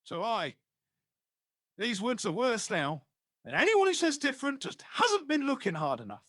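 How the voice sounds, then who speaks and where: A man with a Scottish accent voicing a nervous male woodsman in a tabletop game, stammering and sinking into hushed tones. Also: sits high, huge pitch swings, a little slow, dry recording, clean studio sound, full character voice. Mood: uneasy. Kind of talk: in-character tabletop role-play.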